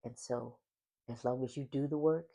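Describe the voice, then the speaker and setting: A man's voice: mid-range voice, fairly even intonation, moderate pace, gravelly, dark tone. A man hosting a solo faith-based podcast, talking with a smile in his voice and repeating affirming phrases. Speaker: podcast host.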